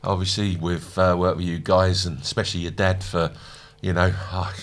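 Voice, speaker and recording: A man's voice: low voice, little pitch movement, moderate pace. A middle-aged man, a company founder guesting on a podcast, joking and rambling with fillers. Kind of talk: casual podcast chat.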